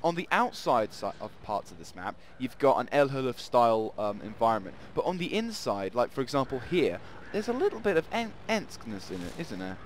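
A man hosting a casual gameplay commentary. He rambles, jokes and laughs as he goes. His pitch swings widely. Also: very animated, fairly quick, few pauses, a little hiss or hum. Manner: rambling, playful, often laughing. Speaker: gaming channel host.

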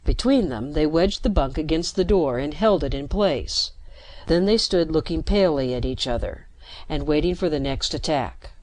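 A woman narrating a science fiction story with steady, dramatic pacing into a close mic. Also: low voice, normal speed, no room sound. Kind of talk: scripted narration.

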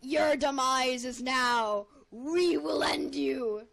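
A woman voicing a female nature spirit boss in a game, making slow, threatening declarations. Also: high voice, vocal fry, a bit bright, heavily acted. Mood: menacing.

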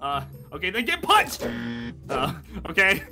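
Panicky high-voiced man shouting in game. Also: huge pitch swings, unhurried, music in the background. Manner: panicky, yelling, dramatic. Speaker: fellow player. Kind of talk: casual gaming banter.

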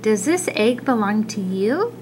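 A woman voicing a polite, soft-spoken young boy on a quest in a storybook reading. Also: fairly high pitch, very animated, unhurried, slight background noise, low-quality recording.

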